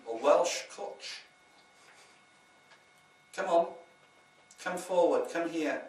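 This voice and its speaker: A man with a British accent leading a ghost hunt, softly coaxing spirits to come forward. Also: fairly high pitch, recorded from a distance. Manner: coaxing, soft-spoken, giggly. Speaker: paranormal investigator. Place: large old inn building at night. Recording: echoey room, camera mic from afar.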